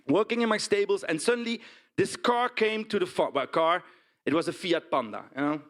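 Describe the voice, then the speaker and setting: A man's voice: sits high, fairly quick. A man playing a blunt, indignant pig farmer. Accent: Dutch. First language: Dutch. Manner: blunt, animated storytelling with frequent "huh?" and "right?" tags. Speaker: stage performer. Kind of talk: theatrical monologue.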